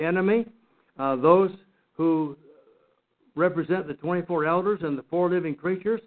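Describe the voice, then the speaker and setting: A man teaching a Bible study lesson in an earnest, emphatic way, often repeating and restarting words. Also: fairly high pitch. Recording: phone-like narrow sound.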